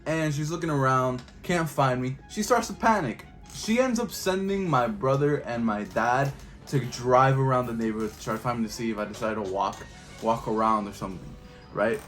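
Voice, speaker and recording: A young man telling a story in a casual vlog, animated and full of slang and swearing. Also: medium pitch, moderate pace, soft background music. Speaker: YouTube storyteller.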